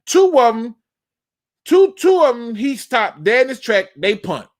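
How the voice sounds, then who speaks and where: A man's voice: extremely high pitch, sing-song, measured pace. A man hosting a live sports talk show, emphatic and fired-up, breaking down game film and talking straight to his audience. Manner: addresses the audience as "y'all". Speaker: host.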